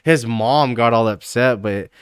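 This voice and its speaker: Young male streamer, slow, easygoing, laughs a lot, clean and dry close sound. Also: mid-range voice, clear, resonant tone, no echo. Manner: laid-back, laughing often, swearing, loose and rambling. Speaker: streamer reacting to a clip. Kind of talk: casual live-stream commentary.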